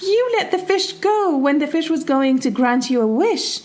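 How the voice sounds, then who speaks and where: Woman playing a shrill greedy fisherman's wife. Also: expressive, normal speed, darkish tone. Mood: indignant. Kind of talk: storytelling voice in podcast chat.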